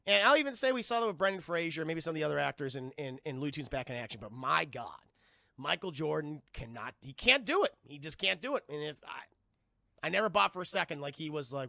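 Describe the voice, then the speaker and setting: A man's voice: a little high, expressive, brisk, creaky, bright, forceful tone, dry recording, faint music behind. A young man casually reviewing a film on a live stream, profane and rambling as he keeps addressing his chat.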